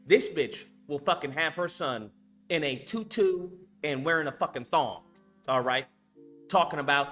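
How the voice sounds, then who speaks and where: A man's voice: a little high, animated, normal speed, sharp tone, soft background music. A man hosting a reaction commentary, talking bluntly and mockingly with lots of profanity. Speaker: commentary host reacting to a video.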